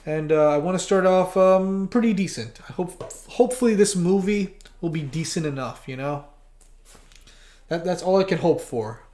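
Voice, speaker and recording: An animator hosting a casual livestream, talking in a halting way with frequent stammers and restarts. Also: medium pitch, mellow. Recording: roomy echo.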